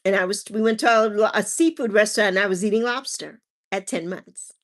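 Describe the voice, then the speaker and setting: A woman's voice: medium pitch, brisk. A woman hosting a livestream in casual chat, who reads viewer comments aloud and laughs often. She is a mother. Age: adult with a child. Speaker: livestream host.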